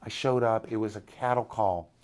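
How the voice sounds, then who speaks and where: A man telling a long story in an interview, animated, often acting out the people he quotes. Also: on the low side, moderate pace. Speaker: interviewed musician.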